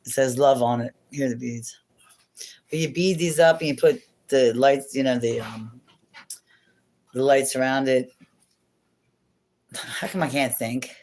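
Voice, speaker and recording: A woman's voice: rumbling low, fairly even intonation, a little slow, pauses often, darkish tone. A woman hosting a casual livestream from home on her phone, rambling and chatty, laughing often and swearing now and then. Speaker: livestream host.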